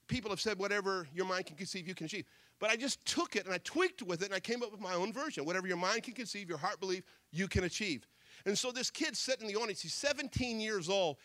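High, bright-voiced man telling a story on stage. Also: no room sound. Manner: punchy, repeats phrases, swings from hushed to loud. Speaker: motivational speaker. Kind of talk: energetic storytelling speech.

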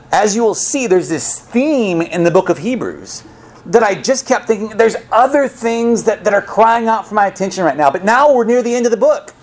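A high-pitched man, a pastor, delivers a sermon in a conversational, animated style, often restarting his sentences.

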